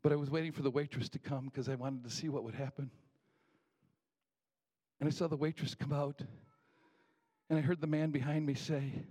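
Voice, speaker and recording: Man, slightly high voice, folksy storyteller, easygoing and unpolished. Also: fairly even intonation, mellow. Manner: folksy, unhurried, with restarts. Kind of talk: personal storytelling.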